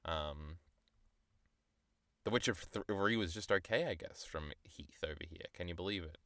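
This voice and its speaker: A man's voice: deep voice, a little slow, bright, forceful tone, no room sound, studio quality. A young man streamer rambling in a casual, profane, self-deprecating way while he chats to his viewers.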